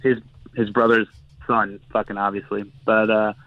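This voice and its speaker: A man calling in to a radio show, speaking haltingly with many fillers. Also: on the low side, little pitch movement, phone-quality sound. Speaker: caller. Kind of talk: phone-in radio chat.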